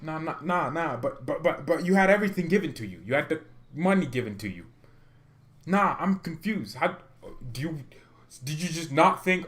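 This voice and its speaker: A man's voice: on the high side, expressive, normal speed, a bit bright. A man hosting a fan channel, ranting in an exasperated way to his live chat and laughing often. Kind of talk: live-stream rant reading chat.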